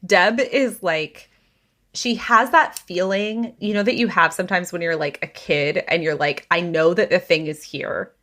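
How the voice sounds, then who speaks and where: A woman's voice: on the low side, measured pace. Woman telling a story, acting out quotes. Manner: animated retelling, acting out quotes. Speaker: podcast host. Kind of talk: storytelling gossip chat.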